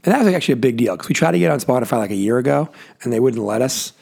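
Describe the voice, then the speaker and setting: A man's voice: mid-range voice, animated, rapid-fire, creaky, dark tone. A man hosting his own podcast alone, rambling casually with joking asides, his voice worn out and tired. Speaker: podcast host. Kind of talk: casual solo podcast monologue. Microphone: adjusting a desk mic himself.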